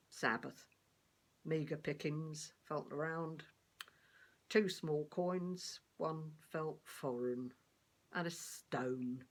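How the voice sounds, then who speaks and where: A woman playing a streetwise blind male beggar, telling his story in rough, colloquial speech. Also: sits low, heavily acted.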